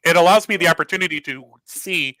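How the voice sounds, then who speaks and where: A man speaking as a guest on a live talk show, telling an animated story and acting out the dialogue, heard over a video call. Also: a little high, quick pace, no room sound, poor audio.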